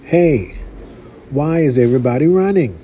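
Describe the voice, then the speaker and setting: A man voicing a curious, gentle young male lion, eager and earnest, in a storybook reading. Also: fairly high pitch, expressive, normal speed, a little hiss or hum, close to an everyday voice. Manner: wide-eyed, eager and earnest.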